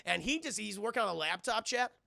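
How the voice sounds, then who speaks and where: A man streamer giving a casual film review to his live chat, retelling scenes in a profane, animated way. His voice is high and heavily gravelly with a bright edge. The sound is dry and close. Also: a little fast, no room sound.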